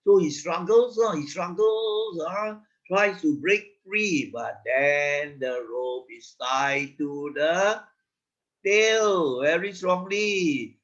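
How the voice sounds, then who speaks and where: A man narrating a children's moral story, slow and emphatic, adding asides to his listeners. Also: high-pitched, fairly bright tone. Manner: slow, emphatic, frequent "you know" asides. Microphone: video call. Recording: dull lo-fi video call audio.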